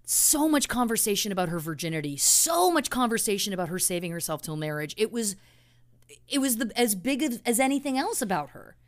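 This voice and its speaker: Brief: woman podcast co-host, chatty storyteller, indignant asides, mid pitch. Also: big pitch swings, brisk. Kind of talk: casual true crime podcast chat.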